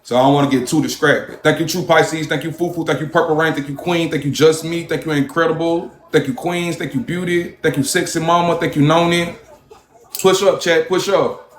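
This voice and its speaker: A man livestreaming, telling a story in an animated, profane way and thanking viewers for their gifts. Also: a little high, fairly quick. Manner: animated, profane storytelling, shouting when worked up. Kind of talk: live-stream storytelling. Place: a hot room. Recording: roomy echo.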